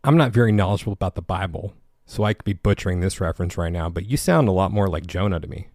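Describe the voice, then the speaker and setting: A male podcast host with a fairly low voice talks casually and curiously with his guest. He chuckles often, and his voice is close and dry, with no room sound. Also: fast talker, a little mellow, dry recording. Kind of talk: casual conversational interview.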